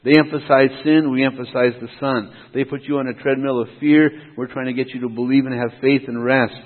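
A man's voice: medium pitch, steady tone, brisk. A man preaching a sermon in a rhythmic, emphatic cadence that sets one idea against another. His voice comes through thin and phone-like. A long reverb trails each phrase, as in a church hall. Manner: emphatic, rhythmic contrasts, asks and answers himself. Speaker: pastor.

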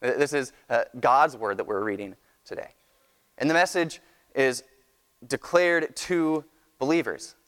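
A man delivers a Sunday sermon in a measured, earnest teaching voice. He often restarts a phrase before pressing on. His voice carries a long reverb from a church sanctuary. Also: mid-range voice, fairly bright tone. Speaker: pastor.

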